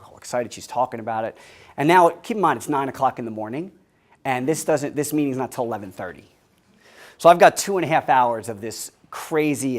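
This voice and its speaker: A man in his forties giving a casual, storytelling talk to a college audience as a guest speaker. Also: medium pitch.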